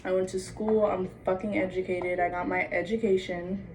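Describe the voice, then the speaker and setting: A woman's voice: on the low side, level tone, normal speed. A young adult woman vlogging in a casual monologue, blunt and profane, with "like" in nearly every phrase. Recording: distant mic with faint background noise.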